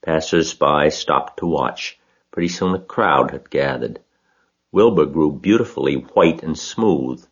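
A man with a husky voice reading a children's story aloud as narrator. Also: extremely low pitch, a little slow, muffled recording.

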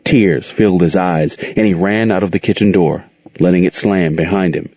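Expressive male audiobook narrator, deep, dry, lo-fi recording. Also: moderate pace, no room sound. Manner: expressive storytelling. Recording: dull, dry muffled audio.

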